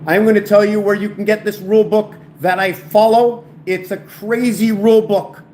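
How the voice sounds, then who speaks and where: A man hosts his own video channel, explaining theories about words and numbers in a rambling solo talk recorded on a home camera setup. His high, darkish voice stays fairly even at a normal speed as he stumbles, restarts words and thinks aloud, with slight background noise.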